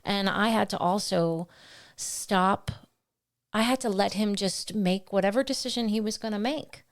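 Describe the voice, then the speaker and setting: An earnest woman talks on a Christian podcast, retelling her own family struggles with real feeling. Her pitch sits in the middle of the usual range, and she slips into other voices when quoting people. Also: a little slow. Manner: earnest, heartfelt, animated retelling. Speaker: podcast co-host. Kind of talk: faith conversation, personal storytelling.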